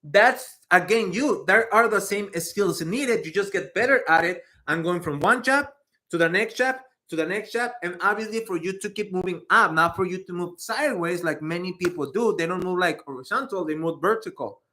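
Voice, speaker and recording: A man in his thirties, an IT career coach, chatting casually on a livestream and answering viewer questions with animated, slangy talk. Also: sits high, normal speed.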